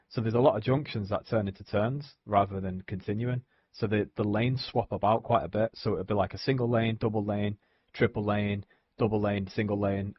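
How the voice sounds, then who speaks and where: A man's voice: fairly low pitch, husky, no echo, lo-fi sound. A young man, ranting casually on a live stream, swearing and saying "like" a lot. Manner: frustrated ranting, heavy swearing, many "like"s. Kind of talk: casual chat.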